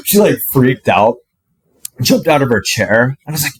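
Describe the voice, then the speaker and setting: A young man telling a personal story to camera in a casual, animated way, full of "like" and the odd swear word. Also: mid-range voice, fairly quick, husky, no room sound, poor audio. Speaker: dating coach.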